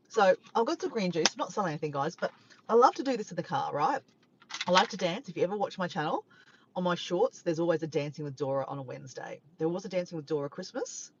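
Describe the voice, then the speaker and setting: A woman's voice: lowish voice, lo-fi sound, noisy background. A woman with an Australian accent, chatting casually to a live stream from her parked car, rambling and tripping over her words. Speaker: vlogger.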